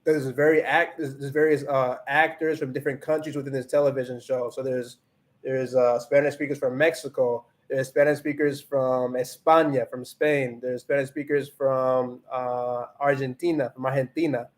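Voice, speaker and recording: Reading the chat on his casual livestream, a man switches between English and Spanish, laughs often, and chats loosely with plenty of restarts. He speaks at a normal speed with a mid-range voice and flat delivery.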